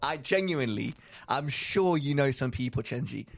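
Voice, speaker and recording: A man co-hosting a podcast in casual chat, excitable and animated, often stumbling over his words. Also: mid-range voice, normal speed, vocal fry. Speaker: podcast co-host.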